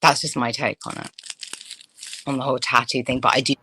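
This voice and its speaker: A woman's voice: a bass voice, flat delivery, brisk, sharp tone, breathy edge, rough recording. A woman in a casual group discussion, telling chatty anecdotes full of asides.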